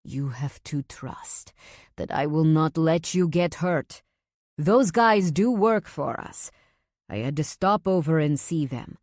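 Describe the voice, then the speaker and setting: Brief: woman playing a controlling mafia husband, low and firm, dry close read. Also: lively intonation, takes it slowly, a little mellow, no room sound, heavily acted. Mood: commanding. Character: domineering mafia husband, calm, commanding man.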